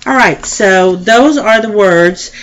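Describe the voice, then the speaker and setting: A woman Spanish teacher, explaining a lesson slowly and patiently and repeating each phrase. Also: medium pitch, a little hiss or hum, rough recording. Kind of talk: recorded classroom lesson.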